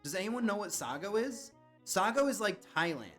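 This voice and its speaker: A man's voice: high voice, big pitch swings, moderate pace, fairly bright tone, soft background music. A young man chatting casually on a live stream, guessing along with his chat and reacting to their comments.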